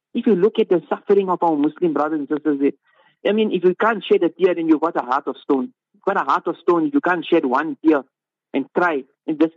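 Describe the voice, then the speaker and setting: A man delivers an impassioned religious talk, pressing his points with rhetorical questions and repeated phrases. His voice sits high. It comes through a narrow, phone-like line with a dry, close sound. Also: dry recording. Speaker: Islamic scholar giving a talk.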